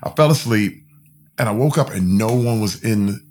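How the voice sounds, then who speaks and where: A man's voice: on the low side, normal speed, darkish tone. A man from Flint, Michigan, speaking as a podcast guest, telling his own story candidly and emphatically, full of fillers and restarts. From Flint, Michigan, USA.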